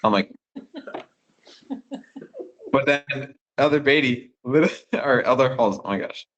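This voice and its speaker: A young man, a missionary phoning home, telling rambling, excitable stories full of fillers. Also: mid-range voice, slow, dull audio. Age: young adult. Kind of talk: casual phone chat with family.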